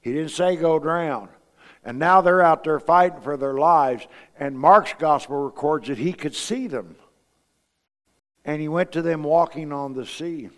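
A man's voice: a little high, in a large hall. A man preaching a sermon in a folksy, storytelling way, asking his congregation rhetorical questions. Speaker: pastor.

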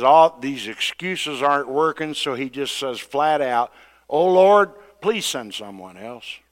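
A man preaching a sermon, retelling scripture with dramatic quoted voices. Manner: dramatic, acts out quoted voices with rising pitch and loudness.

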